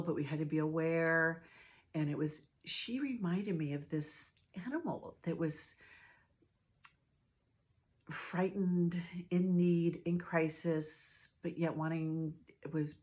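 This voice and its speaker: A middle-aged woman, a hospice nurse, telling a personal story in a reflective, halting way with many fillers and restarts. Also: low voice, a little mellow.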